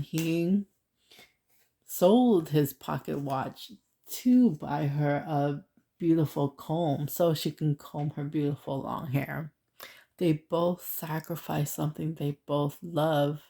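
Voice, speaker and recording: A woman in a relaxed oracle card reading who rambles through stories and reads affirmations slowly. Her voice sits low and carries a gravelly fry, with a warm, dark tone. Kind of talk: casual spiritual card reading.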